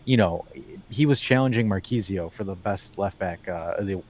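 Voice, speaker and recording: A man co-hosting a casual football podcast, talking in a rambling, animated way, full of fillers and restarts, with wry asides. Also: sits low, moderate pace, a little hiss or hum. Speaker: podcast co-host.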